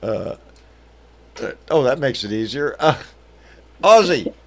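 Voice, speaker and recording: A man's voice: mid-range voice, a little slow. A man with a Texan accent hosting a casual livestream chat, folksy and affectionate, calling guests baby and darling. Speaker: livestream show host.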